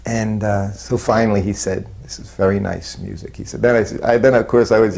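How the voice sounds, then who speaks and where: A man unhurriedly recalling his years as a disciple, self-deprecating and chuckling softly. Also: lowish voice, steady tone, gravelly. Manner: unhurried, self-deprecating storytelling with soft laughs. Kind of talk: spoken reminiscence.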